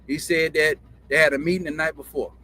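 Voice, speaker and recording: A man's voice: fairly high pitch, fairly even intonation, brisk, sharp tone, slight background noise. A man hosting a sports talk show, telling a story in a profane, repetitive, heated rant. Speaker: host. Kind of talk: ranting sports commentary.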